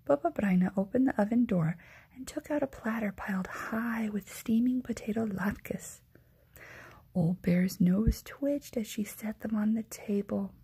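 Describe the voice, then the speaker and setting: A woman narrating a storybook in a breathy ASMR whisper, very slow and soft. Her voice is dark and mellow, with a gravelly fry running under the hush. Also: medium pitch. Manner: hushed, slow and gentle.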